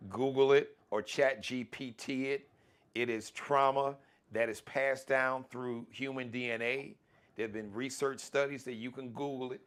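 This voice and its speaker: A man's voice: medium pitch, steady tone, a little slow. A man from the United States hosting a live talk show, speaking emphatically and often repeating words as he starts a point. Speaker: host.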